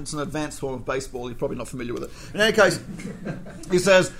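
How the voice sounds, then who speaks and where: Animated high-voiced man telling stories. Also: quick pace, slight background noise. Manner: animated, jokey, acts out quoted exchanges. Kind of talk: humorous storytelling lecture.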